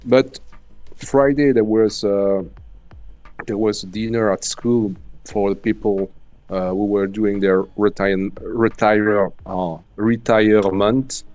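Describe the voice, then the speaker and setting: A man with a French accent talks in a casual chat, his voice sitting fairly low. He stops and restarts often, hunting for the right English word. Soft music plays faintly behind him. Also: steady tone, no echo. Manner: halting, searching for English words, many restarts. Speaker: guest.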